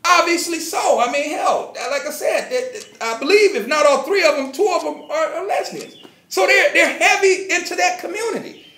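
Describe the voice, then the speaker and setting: A man's voice: extremely high pitch, animated, normal speed, bright, forceful tone. A man giving a ranting commentary, sarcastic and mocking, with frequent profanity. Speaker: commentary vlogger. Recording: echoey room.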